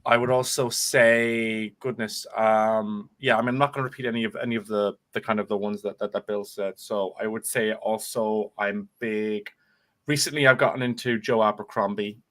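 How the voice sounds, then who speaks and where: A man's voice: on the low side, fairly even intonation, moderate pace, a bit bright. Chatty man, rambling. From United Kingdom. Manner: rambling, restarts often, chatty. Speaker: guest author. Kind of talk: casual video chat.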